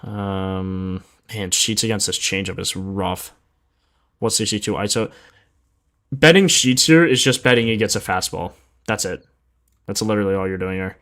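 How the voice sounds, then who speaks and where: Fairly low-pitched and a bit bright, this man talks at normal speed with long pauses while running a casual sports betting livestream. He's just woken up and sounds sleepy, laid-back and slangy, reading off stats and replying to his chat.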